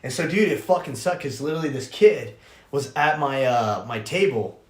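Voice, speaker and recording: A young man, a podcast host, telling a story in casual chat, animated and profane, acting out the voices of people he quotes. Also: medium pitch, moderate pace. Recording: roomy echo.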